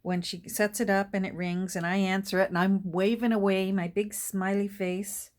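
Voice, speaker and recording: A middle-aged woman chatting casually while she crafts at home, rambling along and murmuring soft asides to her materials. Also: mid-range voice, level tone, moderate pace. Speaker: junk journal crafter and vlogger.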